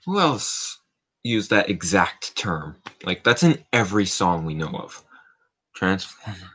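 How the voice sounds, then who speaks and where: A man's voice: low-pitched, sing-song, measured pace, a bit bright, husky. A man hosting a casual Q&A livestream, rambling and cracking self-mocking jokes. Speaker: livestream host. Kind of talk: casual Q&A stream chat.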